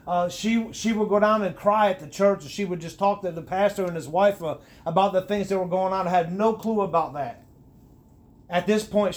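Earnest high-voiced man telling his story. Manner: earnest storytelling with frequent restarts, animated when emphatic. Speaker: guest sharing his testimony. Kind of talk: personal testimony, conversational.

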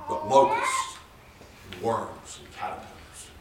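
A man preaching a sermon, swinging from low murmurs to shouted high cries. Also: lively intonation, normal speed, slight background noise. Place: church sanctuary. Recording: roomy church recorded from far off.

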